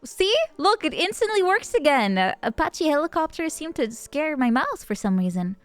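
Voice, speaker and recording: A woman's voice: high voice, big pitch swings, moderate pace, no echo, faint music behind. A woman streamer chatting casually with her viewers, laughing often and greeting them by name. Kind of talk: casual livestream chat.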